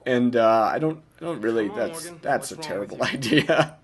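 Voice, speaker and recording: A man's voice: mid-range voice, animated, normal speed. A young man giving a casual, self-mocking director's commentary, rambling with lots of filler words.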